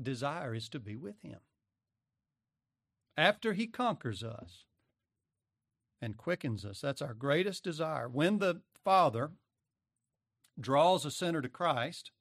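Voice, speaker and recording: A man preaching a sermon with dramatic delivery, acting out quoted voices and pausing often. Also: on the high side, a bit bright, no room sound, clean studio sound.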